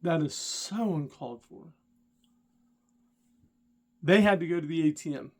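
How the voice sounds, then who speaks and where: A middle-aged man with a somewhat high voice tells a story from his driving days in a casual vlog. He talks straight to the viewer and gets worked up and indignant as he goes. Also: unhurried, a little mellow. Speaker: rideshare driver and channel host.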